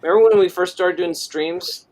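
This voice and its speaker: A man's voice: sits high, normal speed. A man hosting a live drawing stream, chatting casually and laughing easily with his guest. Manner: relaxed, laughs often, reads chat aloud. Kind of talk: casual chat while drawing.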